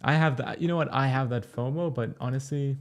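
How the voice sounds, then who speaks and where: A young man from Turkey hosting a casual crypto livestream, reading chat questions aloud and answering them in a relaxed, chatty way. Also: medium pitch, a little fast. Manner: relaxed, chatty, explains step by step.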